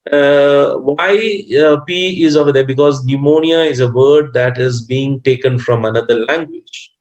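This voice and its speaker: A man's voice: mid-range voice, low-quality recording. Teacher man explaining with many fillers. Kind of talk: online class lesson.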